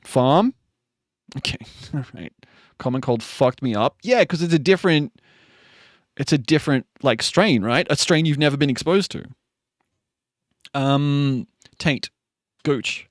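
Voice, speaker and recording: Sleepy Queensland-accented male streamer, casual and sweary, animated pitch, dry close mic. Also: unhurried, long pauses, no room sound. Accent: Australian, Queensland. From Queensland, Australia. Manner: chatty, laughing, swearing, sleepy. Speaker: livestream host. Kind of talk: casual chat reading viewer messages.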